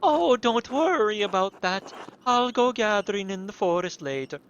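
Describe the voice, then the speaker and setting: A man voicing a kindly nun who gathers herbs, in a high, slow, sing-song voice during a game playthrough. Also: expressive, a bit bright, muffled recording, slight background noise.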